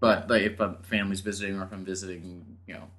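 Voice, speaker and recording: A man's voice: sits low, flat delivery, fast, a crowd in the background. A man co-hosting a podcast, tossing in dry jokes in casual chat. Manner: dry wisecracks.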